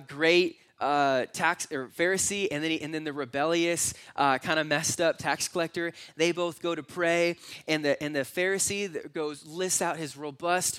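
A man with a high, bright voice delivers a sermon. He tells a long story in second person, moving between hushed, low passages and loud, exclaiming ones. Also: clean tone. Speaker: pastor.

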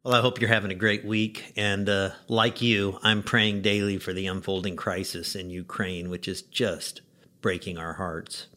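A middle-aged man, a pastor, giving a short devotional message in a conversational, gently wry way with rhetorical questions. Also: low-pitched, little pitch movement, moderate pace, soft background music.

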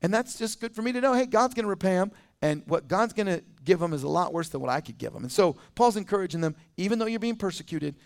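Male pastor, high voice, conversational sermon delivery with acted-out quotes. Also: expressive, fast, vocal fry, hardly any pauses.

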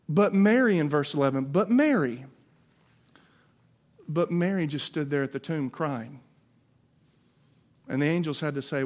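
A man's voice: fairly high pitch, expressive, measured pace. A man with a Southern US accent preaching an Easter sermon, impassioned and conversational, often restarting his words. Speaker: pastor.

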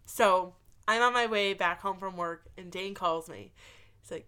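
A woman in her thirties tells a personal story in a casual, earnest way, saying "like" often. Her voice sits in a middle pitch. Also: measured pace, smooth. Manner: earnest, animated storytelling with frequent "like". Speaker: guest telling her story. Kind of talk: casual chat.

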